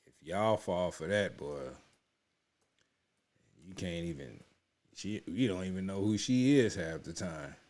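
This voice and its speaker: In a deep, darkish voice with long pauses and a measured pace, a man hosts a reaction video. He talks to viewers as "y'all" in loose running commentary, restarting and repeating himself.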